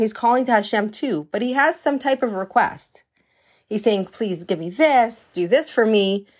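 A woman giving a Torah lesson. She reads Hebrew passages aloud, translates them line by line, and explains them with stories and questions. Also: a little high. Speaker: Torah teacher.

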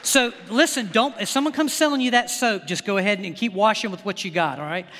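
A male pastor preaching a sermon with rising fervor, often stumbling over quick restarts as he gets worked up. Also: sits high, a bit bright, a faint crowd. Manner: impassioned, builds to fervor, rapid restarts. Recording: long hall reverb.

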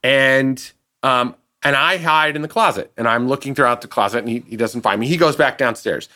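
A man, a guest sound designer, telling an animated anecdote on a podcast and acting out the people he quotes. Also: medium pitch, moderate pace. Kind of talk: casual podcast storytelling.

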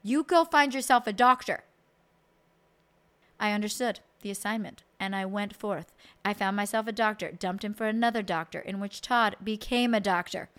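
A woman in her thirties, an entrepreneur telling a personal story in a chatty, animated way, sometimes slipping into voices for the people she quotes. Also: mid-range voice, a little fast. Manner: chatty with frequent likes and self-corrections. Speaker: entrepreneur and podcast guest.

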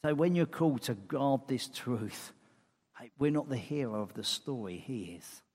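A man preaching a sermon in earnest tones, moving between loud emphasis and soft, tender asides. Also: medium pitch, expressive, moderate pace, breathy edge. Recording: long hall reverb.

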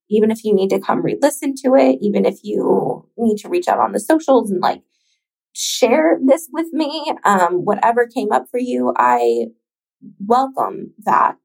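A woman hosting a podcast, talking casually and encouragingly straight to the listener, with swearing and long pauses. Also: mid-range voice, gravelly, a little mellow, husky, poor audio. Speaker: podcast host. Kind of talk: motivational podcast monologue.

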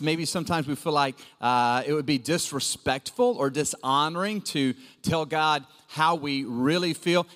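A middle-aged man preaching a sermon as pastor, lively and conversational, acting out quotes with a raised voice. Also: fairly high pitch. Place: church auditorium. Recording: long reverb of a large hall.

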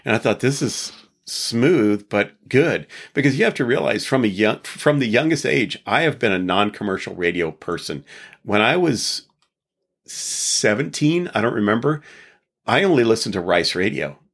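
A man from Texas with a very low, deep voice recounts his past in a loose, rambling interview style. He is reflective and chuckles now and then as the memories come back. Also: expressive, moderate pace, creaky, fairly bright tone. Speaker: podcast guest. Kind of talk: casual storytelling interview.

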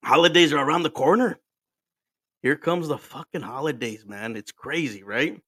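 A man's voice: fairly high pitch, normal speed, fairly bright tone, breathy edge, dry recording, studio quality. A man, hosting a podcast and telling a story in casual chat, laughing and swearing as he switches between English and Spanish. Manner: drinking while talking. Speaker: podcast host.

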